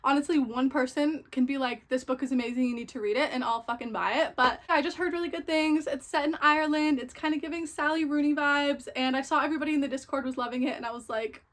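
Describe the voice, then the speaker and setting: A woman's voice: sits high, steady tone, quick pace, few pauses, a bit bright. A young woman chatting casually about a book haul, gushing and full of fillers. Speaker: book vlogger.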